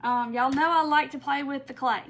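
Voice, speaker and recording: Woman, high voice, chatty, greets viewers, laughs often, casual craft live stream. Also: normal speed, fairly bright tone, poor audio. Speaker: craft host. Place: at home.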